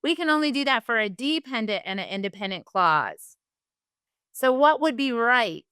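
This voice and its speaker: Upbeat woman teacher, bright voice. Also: fairly high pitch, animated, moderate pace, smooth, no room sound, clean studio sound. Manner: upbeat, encouraging, uses "y'all". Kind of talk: virtual class lesson.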